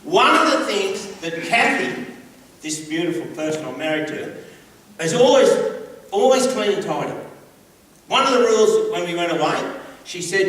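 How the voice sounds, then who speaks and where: High-voiced Australian man spinning yarns in a hall. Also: moderate pace, pauses often. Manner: animated yarn-spinning, acts out quoted voices, laughs along. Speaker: public speaker. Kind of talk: humorous storytelling speech. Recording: roomy hall, distant mic, background noise.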